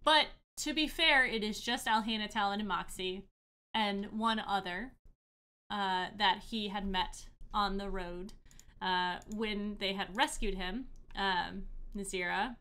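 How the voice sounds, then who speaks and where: A woman's voice: mid-range voice, a little slow, bright, forceful tone, clear, resonant tone. A woman narrating a tabletop game as game master, casually, with many fillers.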